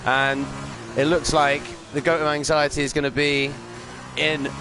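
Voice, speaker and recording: A man giving upbeat live commentary on a sim racing league stream, chatting with viewers and filling pauses with ums and uhs. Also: on the high side, flat delivery, background noise. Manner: greets chat viewers while commentating.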